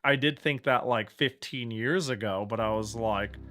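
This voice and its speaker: A man's voice: medium pitch, moderate pace, a bit bright. A man streaming a game he is playing for the first time, chatting casually with sarcastic, exasperated remarks, swearing and laughing. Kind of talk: casual gameplay commentary.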